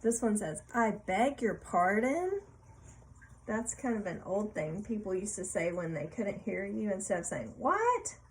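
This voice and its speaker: A woman reading a picture book aloud to a child, playful, pausing to ask questions and laughing often. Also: medium pitch, dark tone, a little hiss or hum, low-quality recording.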